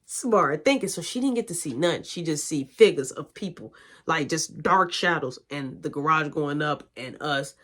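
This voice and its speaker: A woman tells a personal story in a casual vlog style. She talks loose and slangy, swears freely, and keeps the telling lively and animated. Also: deep voice, moderate pace.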